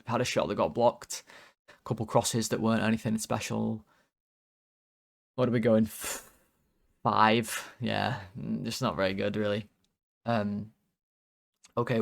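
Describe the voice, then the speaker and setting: A man's voice: lowish voice, vocal fry. A man hosting a fan channel, rating players in a casual, rambling, exasperated way with lots of fillers.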